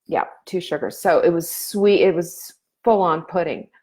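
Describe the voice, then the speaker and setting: Earnest middle-aged woman, slightly low voice. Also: normal speed, a little mellow. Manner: earnest, emotional, motherly advice with many fillers. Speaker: nutrition coach host. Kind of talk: casual live-stream talk.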